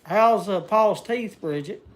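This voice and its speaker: A man's voice: high-pitched, slow, background noise. Brief: man, folksy livestream rambler, loses his words. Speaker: vlogger. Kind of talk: casual livestream chat.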